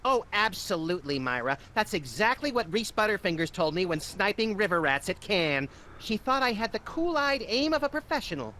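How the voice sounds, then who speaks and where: A manic rabbit-like game sidekick, brash and self-obsessed. His voice is bright and edged, swinging hugely up and down in pitch. He delivers every boast with gleeful deadpan. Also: fairly quick, hardly any pauses, a little hiss or hum, exaggerated voice. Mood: smug. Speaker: game character.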